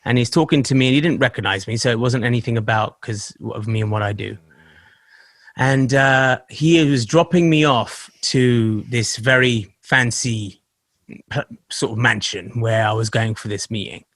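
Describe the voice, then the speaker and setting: A man hosting a podcast in casual chat, telling stories in an animated way with laughter and swearing. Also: mid-range voice, normal speed, no room sound. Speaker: podcast host.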